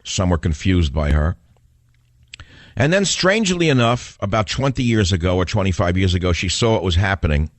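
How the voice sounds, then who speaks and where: A man with a New York accent holds forth as a talk radio host in a low, gravelly-toned register. He argues in a combative, sarcastic manner and fires off rhetorical questions. The studio sound is dry and close. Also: expressive, normal speed, no echo. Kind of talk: opinionated talk radio monologue.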